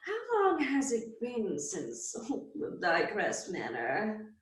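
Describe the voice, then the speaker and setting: A woman's voice: medium pitch, huge pitch swings, roomy sound, voice pushed up. A woman voicing a sly, winged female demon who teases and mocks in a tabletop game. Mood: teasing. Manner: teasing, mocking, drawn-out.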